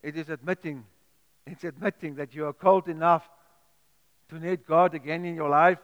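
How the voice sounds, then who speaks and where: A man's voice: on the high side, steady tone, moderate pace, a bit bright, highs cut off. A man preaching a sermon, earnest and pleading, often repeating and restarting his words. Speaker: pastor. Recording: echoey hall with long reverb.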